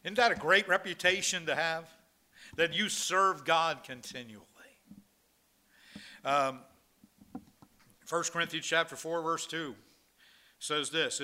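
Slow and punctuated by long pauses, this pastor's slightly high voice comes across bright and forceful. While preaching, he reads scripture in King James language, often filling gaps and starting his sentences over.

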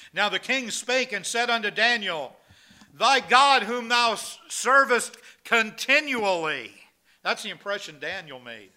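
A man's voice: high voice, bright, forceful tone. A man preaching a sermon as pastor, reading scripture and speaking with many fillers and restarts. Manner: reads scripture in King James wording, with frequent fillers and restarts.

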